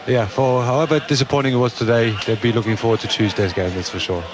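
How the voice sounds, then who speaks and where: A man giving football punditry in a relaxed, chatty way. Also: mid-range voice, quick pace. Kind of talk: studio punditry.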